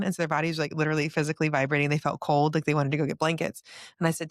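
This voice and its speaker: Gravelly-voiced woman telling a story. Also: low-pitched, very fast, no echo, studio quality. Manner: animated storytelling, laughs often. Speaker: podcast host. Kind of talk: casual conversation.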